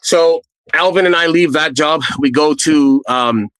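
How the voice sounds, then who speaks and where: A man's voice: a little high, measured pace, a bit bright, no echo, poor audio. A middle-aged man telling his own stories in a casual, earnest, rambling way, with plenty of fillers. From Canada. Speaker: storyteller guest. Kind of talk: casual first-person storytelling.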